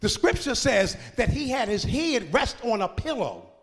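A male pastor delivers a sermon in a high, ringing voice. He climbs into shouted, half-sung cadences and then drops back into low, chatty asides to the congregation. The sound carries the long reverb of a church sanctuary. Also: very animated, moderate pace.

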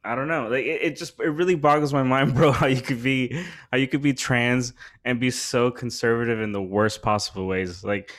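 A man's voice: mid-range voice, fairly even intonation, moderate pace, a bit bright. A man hosting a podcast, telling a story in a rambling casual chat full of slang and swearing, his voice rising when he gets worked up. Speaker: podcast host.

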